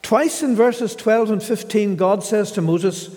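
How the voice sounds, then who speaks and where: A man preaching a sermon in a slow, measured way, pausing often and voicing the scripture quotes he reads. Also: high voice, warm tone, big-room sound.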